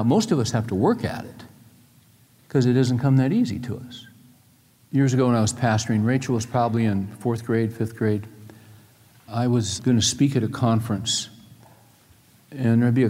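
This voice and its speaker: A middle-aged man preaches to a live crowd, pressing his points with emphasis and then easing into quieter storytelling. His voice sits in an ordinary middle range. The sound rings with the long reverb of a large hall. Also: mid-range voice, moderate pace, pauses often. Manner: emphatic, rising and dropping between loud points and quiet stories. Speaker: pastor. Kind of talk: sermon to a live audience. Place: large room with an audience.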